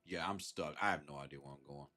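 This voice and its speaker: Deep-voiced laid-back Southern man streaming. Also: fast talker, sharp tone, a little hiss or hum. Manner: laid-back, chuckles often, thanks chatters. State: congested from a sinus infection. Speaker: live streamer. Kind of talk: casual live-stream chat.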